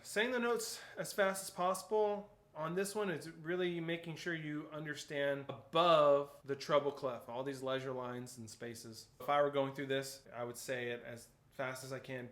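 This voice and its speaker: A man's voice: medium pitch, steady tone, moderate pace, hardly any pauses, a bit bright. Echoey male percussion teacher. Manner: explains step by step, counts aloud and calls out notes and stickings. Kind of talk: instructional tutorial. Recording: echoey room with faint noise.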